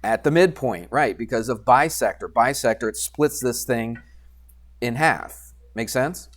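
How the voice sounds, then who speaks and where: A man's voice: mid-range voice, a little slow. A man teaching a geometry lesson to his class in a chatty, self-deprecating way, often asking the students questions. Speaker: math teacher. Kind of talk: classroom lecture at a computer.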